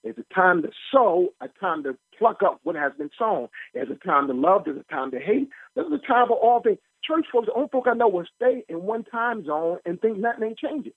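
Pastor guy preaching all jokey and lively, high husky voice, tinny phone line sound. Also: brisk, hardly any pauses. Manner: animated, joking, asks the listeners rhetorical questions. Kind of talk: lively informal preaching talk.

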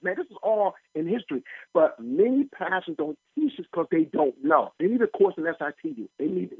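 Animated gravelly male preacher on a phone line. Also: fairly high pitch, no echo. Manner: animated, laughing, folksy preaching. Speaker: pastor and radio host. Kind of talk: preaching radio sermon. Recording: tinny phone-like line, dry.

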